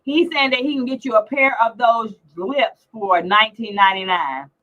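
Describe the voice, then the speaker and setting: A woman's voice: fairly high pitch, normal speed, fairly bright tone, dull audio. A middle-aged woman hosting a casual livestream chat, teasing and brash as she reads out comments. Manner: brash, teasing, salty language. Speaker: livestream host.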